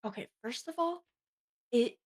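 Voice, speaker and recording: A woman with a high voice joins a tabletop game as one of the players. She talks in an excitable, rambling way, full of fillers and restarts. She sounds casual and animated. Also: unhurried.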